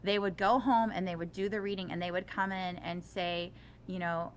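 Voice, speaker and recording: A middle-aged woman teacher talking in an interview, animated and self-deprecating, growing impassioned as she makes her case. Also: on the low side, normal speed, slight background noise.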